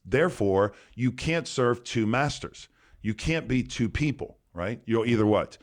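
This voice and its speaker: A man's voice: medium pitch, animated, unhurried. A man, a pastor, teaching on a podcast in an emphatic preaching manner that repeats key phrases. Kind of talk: podcast sermon-style teaching.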